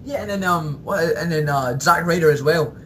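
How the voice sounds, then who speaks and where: A man co-hosting a casual podcast, animated, laughing often and mimicking announcers. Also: on the high side, normal speed, slight background noise. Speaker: podcast co-host. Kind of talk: casual chat.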